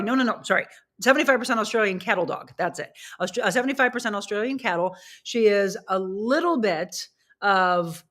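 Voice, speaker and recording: A middle-aged woman hosting a casual chat with viewers, rambling chattily and stopping to talk to her dogs. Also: mid-range voice. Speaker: livestream host.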